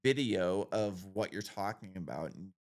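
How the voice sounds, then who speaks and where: A man's voice: low voice, lively intonation, normal speed. A man hosting a podcast, chatting casually and rambling with lots of fillers and restarts. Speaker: podcast host. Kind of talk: casual interview chat.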